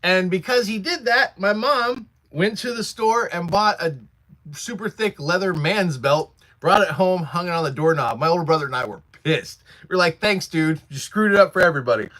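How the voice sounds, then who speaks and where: Bright-voiced man chatting on a livestream. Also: high-pitched, moderate pace. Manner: rambling storyteller, laughs often, reads chat aloud. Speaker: livestream host. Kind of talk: casual livestream chat. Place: workshop.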